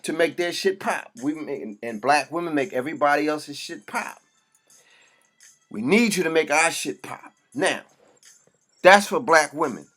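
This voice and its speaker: A man's voice: on the high side, expressive, measured pace, fairly bright tone, soft background music. A man delivering an impassioned, profane monologue. He talks bluntly and preaches in short bursts.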